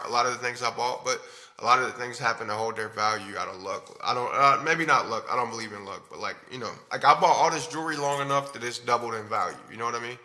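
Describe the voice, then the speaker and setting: A man's voice: mid-range voice, sharp tone. A man streaming to his viewers, telling his story in a candid, rambling, profane way. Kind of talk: casual talk to stream viewers.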